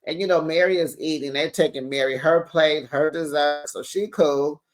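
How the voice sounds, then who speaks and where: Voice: medium pitch, fairly even intonation, moderate pace. A reality TV recap host giving a gossipy monologue, sassy and dramatic, acting out quotes and calling viewers besties.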